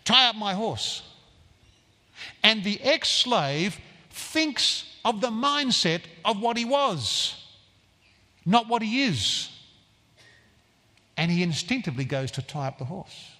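A man preaching in a church, his bright, ringing voice rising and falling widely as he presses each point home. He speaks slowly and deliberately, and his words carry a long echo through the hall. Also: high-pitched, very animated. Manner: earnest, emphatic preaching with slow stressed phrases. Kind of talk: sermon.

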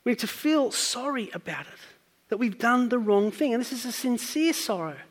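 A man's voice: very high voice, animated, moderate pace, big-room sound. A man preaching a sermon, earnestly teaching and building up to emphatic points.

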